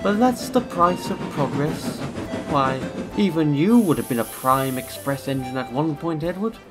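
A man voicing a pompous, proud male express engine that talks in a haughty, drawn-out way. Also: a little high, expressive, music in the background.

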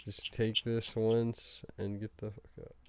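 A young man from Canada with a low, gravelly voice and a flat, even delivery, relaxed while he plays a game and chats. His tone is dark and mellow but smooth, and he laughs easily and drops "bro" into almost every line. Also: slow pace, a little hiss or hum. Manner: laid-back, laughing, says bro a lot. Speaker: gamer. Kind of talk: casual banter while gaming.

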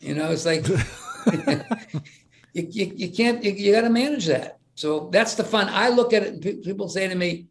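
An older man talking as a podcast guest, emphatic and animated, repeating his words and acting out little exchanges. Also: sits high, a little slow.

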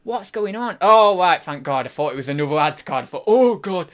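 A young man streaming live, talking straight to his viewers in a loose, rambling way. He tosses out jokes and random facts between chatter, and his voice sits a touch higher than most men's. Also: animated, brisk, fairly bright tone. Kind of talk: casual live-stream chat.

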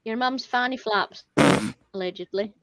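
A woman's voice: on the high side, normal speed, highs cut off, crowd noise. A Scottish woman chatting crudely and giggling while reading party game prompts aloud on a stream. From Scotland.

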